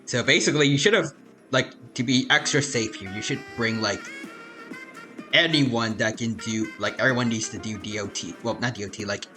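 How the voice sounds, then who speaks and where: A man's voice: mid-range voice, normal speed, pushed and bright. A man streaming a turn-based game, casually talking himself through each move, with lots of fillers and restarts. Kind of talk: casual gameplay commentary. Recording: game music playing behind.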